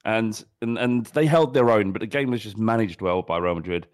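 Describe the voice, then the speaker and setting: A man co-hosting a football podcast, blunt and sweary in animated banter with his mate. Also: fairly low pitch, a little fast, clean tone. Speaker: podcast co-host. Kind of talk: casual football chat.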